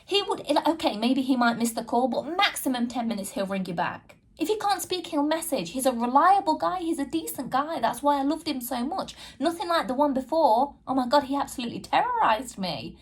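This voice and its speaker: A podcast host tells a personal story frankly and earnestly, speaking straight to her listeners and acting out dialogue from her own past. Her high voice swings widely in pitch, and she talks a little fast with few pauses.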